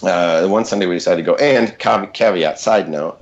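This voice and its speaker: A man's voice: low-pitched, fairly quick, highs cut off. A man in his thirties, a podcast guest, telling a personal story casually, rambling and often interrupting himself with fillers and asides.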